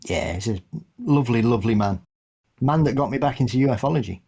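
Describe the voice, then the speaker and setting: A man's voice: medium pitch, animated, fairly quick, vocal fry, dark tone, breathy edge. A man with a British accent co-hosting a podcast in easygoing, casual chat, starting often with a hesitant "uh". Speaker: podcast co-host.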